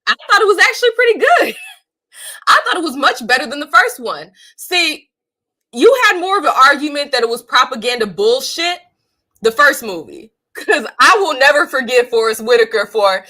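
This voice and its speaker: A woman's voice: sits high, very animated, normal speed, sharp tone. A woman hosting her live stream, giving emphatic, profane commentary and laughing often between points. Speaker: streamer and channel host.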